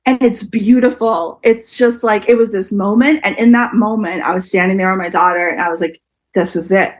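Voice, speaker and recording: A woman's voice: mid-range voice, brisk. Candid woman in her forties. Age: 40s. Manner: open, emotional, quotes others in lively voices. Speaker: podcast guest. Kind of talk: candid personal interview.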